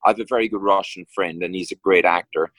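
In a relaxed interview, a middle-aged man from County Kerry in Ireland, an actor with an Irish accent, wanders through his answers with frequent restarts and fillers. He has a low-pitched, fairly bright voice with fairly even intonation, and the poor audio has no echo.

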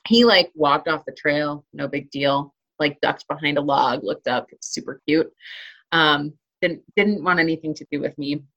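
A woman with a notably low-pitched voice talks through her answers in a loose, conversational way. She fills pauses with ums and likes, and restarts her sentences as she goes. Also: a bit bright, dull audio. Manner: chatty, many fillers and restarts. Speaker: interview guest, hiker and trail runner. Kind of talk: casual interview talk.

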